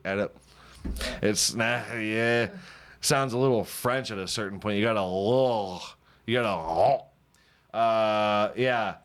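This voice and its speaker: A man's voice: medium pitch, a little slow. A man hosting a comedy podcast, joking in a profane, mocking way and laughing often. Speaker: podcast host. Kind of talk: casual comedic podcast banter.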